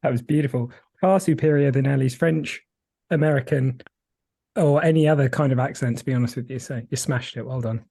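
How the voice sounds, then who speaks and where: A man's voice: mid-range voice, brisk, gravelly, warm tone, slightly rough. A man hosting a podcast, chatty and effusive as he thanks his guest and signs off. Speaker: podcast host. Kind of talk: casual podcast conversation and outro.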